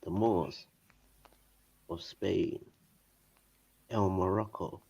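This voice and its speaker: A man's voice: low-pitched, fairly even intonation, very slow, vocal fry, a little mellow, breathy edge. A man co-hosting a podcast in casual chat, firing dry, needling questions at his partner. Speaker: podcast co-host. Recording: muffled lo-fi recording.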